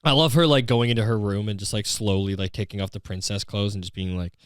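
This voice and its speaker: A man's voice: fairly low pitch, steady tone, fast, clear, resonant tone, no echo, clean studio sound. A man hosting a comedy podcast, riffing sarcastically and profanely and drifting into bits. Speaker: podcast host. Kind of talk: comedic commentary.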